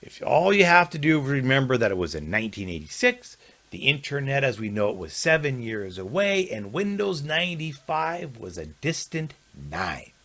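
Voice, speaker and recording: A man narrating a scripted essay in a measured, reflective way. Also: medium pitch, sing-song, fairly bright tone. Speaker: podcast host.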